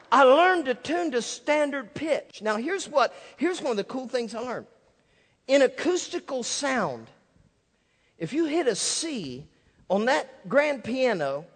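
A pastor preaching a sermon in a church, telling a story with lively, imitated sound effects. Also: male voice, extremely high pitch. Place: church sanctuary. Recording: long hall reverb.

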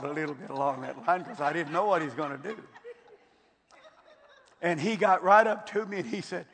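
A man's voice: fairly high pitch, normal speed, long pauses, fairly bright tone, slightly rough. An older man from Texas with a Texan accent, preaching a fervent sermon and often repeating his words. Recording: long hall reverb.

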